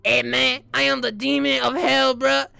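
A man's voice: extremely high pitch, level tone, moderate pace, creaky, pushed and bright, smooth, no room sound, heavily acted. A man voicing a lazy male demon who looks down on the world, in a slangy drawl. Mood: smug.

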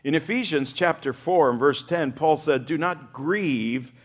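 A male pastor preaching a sermon, lively and humorous, acting out the voices of the people he quotes. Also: a little high, measured pace.

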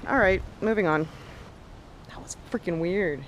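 A woman vlogging casually, chatty and excitable, talking in quick bursts as she explores. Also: on the low side, slight background noise. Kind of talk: casual vlog chat. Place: indoors, exploring and in a music store. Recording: music playing loudly behind.

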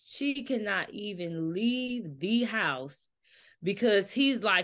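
A woman talks through a novel with a friend in a relaxed, chatty way. She retells scenes in a lively voice, then slows down to reason about the characters. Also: on the high side. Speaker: book discussion host. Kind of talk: casual book chat.

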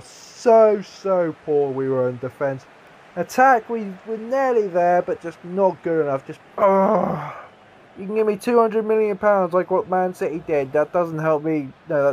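Excitable young man yelling at a game. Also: on the high side. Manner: excitable, yells and swears at his players. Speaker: gaming YouTuber. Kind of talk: live game commentary.

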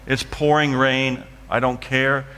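A man's voice: mid-range voice, flat delivery, takes it slowly, pushed and bright, in a large hall, a little hiss or hum. A man preaching a dramatic testimony in church, acting out scenes from his story. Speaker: guest preacher. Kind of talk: sermon testimony.

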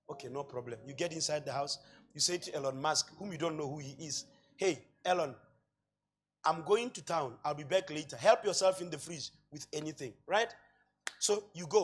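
A man preaching a sermon, telling a long story and swinging between loud shouting and quiet, hushed asides. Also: fairly high pitch, moderate pace, husky.

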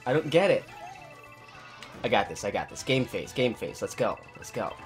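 A man hosting a gaming channel, giving excitable let's play commentary and talking to himself as he plays. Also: medium pitch, moderate pace, soft background music. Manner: excitable, talks to himself while playing.

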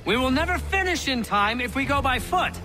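A man's voice: extremely high pitch, animated, a little fast, music in the background. An actor playing an urgent, cautious colonial man who keeps giving directions in a video game.

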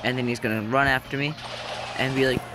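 A young man casually commenting on his own game, joking and shouting at teammates. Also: mid-range voice, quick pace, noisy background. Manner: excitable, jokey, shouts at teammates. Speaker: gameplay commentator. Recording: game music behind.

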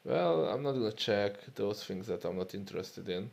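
A man's voice: on the low side, moderate pace, creaky, a little mellow. A man casually commenting while playing a game, muttering to himself and swearing often. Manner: muttering, swearing, self-amused. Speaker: let's play host.

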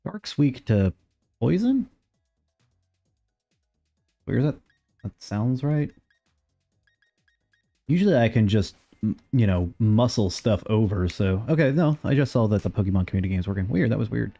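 A young man streaming a game and chatting casually, rambling along with sudden excited outbursts. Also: fairly low pitch, normal speed, gravelly, long pauses, faint music behind. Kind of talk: casual live gameplay commentary.

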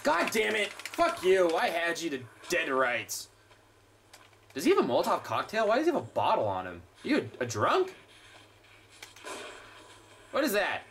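A man's voice: on the high side, wildly swooping pitch, moderate pace, creaky, long pauses, fairly bright tone, slight background noise. A man playing a horror game and commenting as he plays, swearing and ranting at the enemies. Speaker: gameplay streamer. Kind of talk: let's play commentary.

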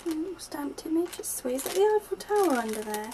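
Middle-aged woman, high-ish voice, slow delighted unboxing chat, noisy home recording. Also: very animated. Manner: gushing, softly delighted, slow and breathy exclamations. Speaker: vlogger opening happy mail. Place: at home in a conservatory.

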